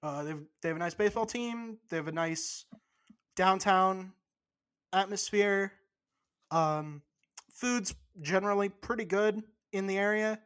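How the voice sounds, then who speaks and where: A podcast co-host talking in a loose, rambling way and cursing casually. The voice sits at a middling pitch. It is relaxed, unscripted chat. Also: measured pace, smooth.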